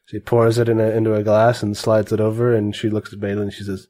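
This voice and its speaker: A man's voice: lowish voice, level tone, fast, warm tone. A man narrating a tabletop game as game master, loose and full of fillers.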